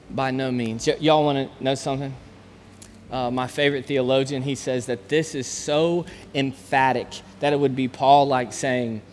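A man's voice: medium pitch, moderate pace, a little hiss or hum. A man preaching a sermon as pastor, speaking with passion and rising to bursts of emphasis. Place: church sanctuary. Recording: long hall reverb, faint ambience.

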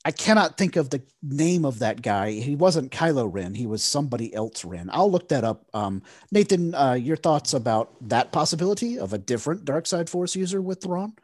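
A man co-hosts a casual podcast chat, rambling along with plenty of fillers. His pitch swings up and down a lot as he gets going. The sound is dry and close. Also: big pitch swings, normal speed, few pauses, darkish tone, no echo. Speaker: podcast co-host.

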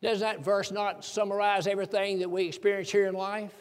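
An older male preacher from Tennessee delivers a sermon, folksy and emphatic, climbing into fervent high peaks. His voice sits a bit high for a man. A long church-hall reverb trails every phrase. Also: little pitch movement, brisk, clear, resonant tone. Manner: folksy, emphatic preaching with rising fervor and chuckles.

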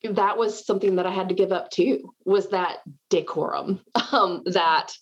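A middle-aged woman from the American South chats at home in casual conversation, animated and self-deprecating, laughing often. Her mid-range voice is slightly rough and moves at normal speed. The sound is lo-fi.

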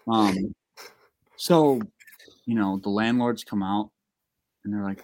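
Excitable young man telling a story. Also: on the low side, slow, long pauses. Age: young adult. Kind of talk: casual podcast chat.

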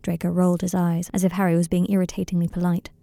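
A woman narrating a fan story as an audiobook, in a calm, steady way. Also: on the low side, fast, creaky, no room sound.

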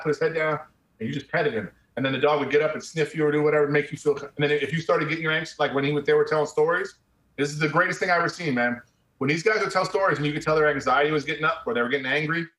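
Fairly high-pitched and fairly bright, a middle-aged man who served in the army tells his story straight in a casual interview. He's conversational and blunt, throwing in "man" and an occasional swear word; the recording has a roomy echo.

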